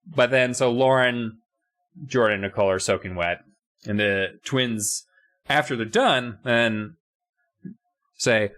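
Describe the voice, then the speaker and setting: A man's voice: medium pitch, takes it slowly, pauses often, a bit bright. A man co-hosting a podcast in casual chat, recapping a book in a sarcastic, profane, rambling way. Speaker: podcast co-host.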